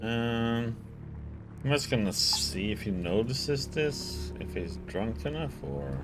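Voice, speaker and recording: A man's voice: medium pitch, lively intonation, slow, over loud music. A man casually commenting on his own game playthrough, muttering to himself as he loots. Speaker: game streamer.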